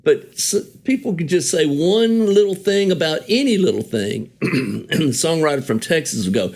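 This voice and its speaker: A man's voice: on the high side, expressive, moderate pace, creaky, darkish tone. A songwriter telling stories about an old friend in an easygoing, rambling way, often correcting himself and chuckling as he talks. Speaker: songwriter guest remembering a friend. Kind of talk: conversational storytelling.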